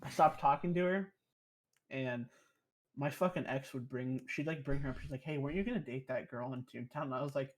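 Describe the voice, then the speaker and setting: A man's voice: medium pitch, brisk. A young man, a podcast guest, telling rambling stories in casual, profane chat. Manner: profane, rambling, animated storyteller.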